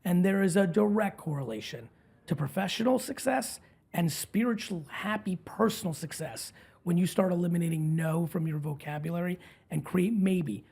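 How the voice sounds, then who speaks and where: Male podcast host, rough and husky tone, emphatic closing appeal. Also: normal speed, a little mellow. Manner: emphatic, urgent pitch to listeners. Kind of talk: interview.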